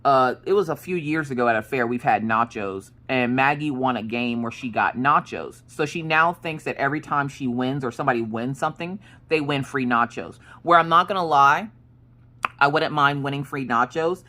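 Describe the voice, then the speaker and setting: A woman's voice: extremely low pitch, moderate pace, bright, forceful tone. Rambling, chatty woman in her thirties. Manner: rambling, chatty, frequent self-corrections. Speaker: crafting streamer. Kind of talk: casual chat while crafting.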